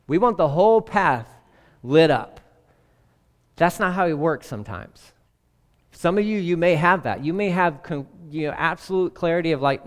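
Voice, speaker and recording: A man's voice: medium pitch, animated, moderate pace. A middle-aged man preaching a sermon, animatedly telling stories and acting out the voices of others. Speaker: pastor. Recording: reverberant hall.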